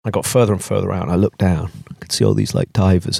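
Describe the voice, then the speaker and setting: Male co-host, low voice, wry casual delivery. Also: steady tone, brisk, vocal fry, warm tone, slightly rough, no room sound, studio quality. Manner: wry, joking. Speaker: podcast co-host. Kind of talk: casual chat.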